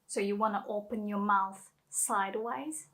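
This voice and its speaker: Slow, careful woman teaching pronunciation. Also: medium pitch, fairly even intonation, fairly bright tone. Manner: slow, careful, demonstrates sounds for repeating. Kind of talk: pronunciation lesson.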